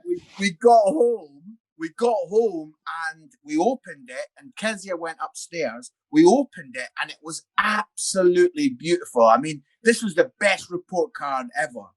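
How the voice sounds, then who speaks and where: A father chatting casually as a podcast guest, telling a self-mocking story in an animated way. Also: sits high, measured pace, hardly any pauses. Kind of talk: casual chat.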